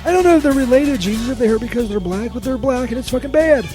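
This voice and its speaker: A man's voice: very high voice, lively intonation, fast. A man voicing a whiny, beaten-up male saint who swears, stammers and is constantly baffled, in a comedy radio bit. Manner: profane, stammering, bewildered. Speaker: co-host. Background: loud music.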